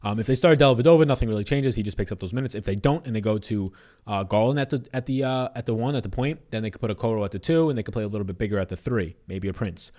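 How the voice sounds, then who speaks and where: Young guy on a betting livestream, rattles off picks super fast, loose and chatty, swears a bit. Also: on the low side. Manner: fast, animated, loose and profane. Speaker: sports betting livestream host. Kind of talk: casual livestream chat reading viewer comments.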